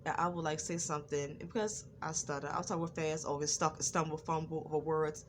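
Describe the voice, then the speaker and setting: Low-voiced woman who stutters and repeats herself. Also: steady tone, brisk, slight background noise. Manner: stutters, repeats phrases, restarts often; earnest, preachy repetition. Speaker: vlogger. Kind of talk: personal talk to camera.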